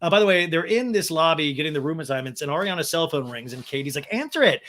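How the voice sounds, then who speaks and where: A man's voice: fairly high pitch, quick pace, fairly bright tone. A man hosting a podcast, giving a chatty, wry recap of a reality show and laughing often. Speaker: podcast host.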